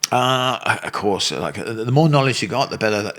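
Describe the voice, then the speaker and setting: A mid-range, lively, fairly bright voice at normal speed comes from an Australian Muay Thai coach in his sixties. As an interview guest, he rambles through blunt stories, cursing and laughing freely.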